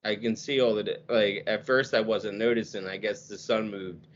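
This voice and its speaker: Joking man with a low voice. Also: steady tone, normal speed, dull audio, slight background noise. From United States. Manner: joking, teasing. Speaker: podcast host. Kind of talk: casual chat.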